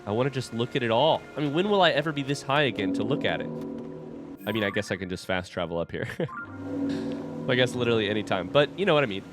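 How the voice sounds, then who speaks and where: A young man commentating his own blind playthrough of a video game, awestruck and excitable, swearing when surprised. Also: mid-range voice, fast talker, over music. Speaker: gaming streamer. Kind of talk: live gameplay commentary.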